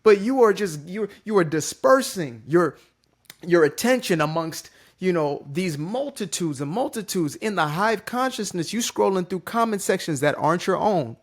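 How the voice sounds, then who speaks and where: Male content creator, slightly high-pitched, loose and playful, pep talk straight to camera. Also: moderate pace. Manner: animated, joking, swears casually. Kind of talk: unscripted motivational monologue. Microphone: facing a ring light on camera.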